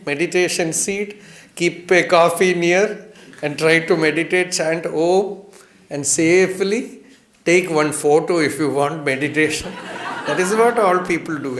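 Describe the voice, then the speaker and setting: A man from India giving a spiritual discourse, gentle and chuckling often, repeating words for emphasis. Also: a little high, echoey room. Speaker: spiritual teacher.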